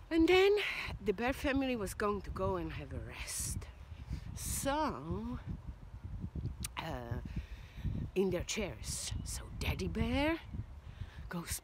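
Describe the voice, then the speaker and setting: A woman casually telling a children's story to viewers outdoors, unhurried and with hesitations. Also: on the low side, noisy background.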